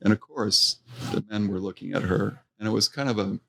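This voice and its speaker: A middle-aged man telling stories from his restaurant career in a casual interview, animated and quoting people as he goes. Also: on the low side, a little fast, creaky, husky. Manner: animated anecdote-telling, acts out quotes. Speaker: restaurant co-owner, guest.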